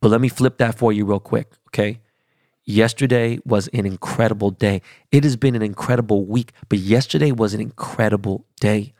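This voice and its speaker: A man hosting his podcast in a casual monologue, profane and emphatic, his voice rising high when he gets worked up. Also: fairly even intonation, normal speed, a little mellow, no echo, studio quality. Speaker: podcast host. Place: Los Angeles studio.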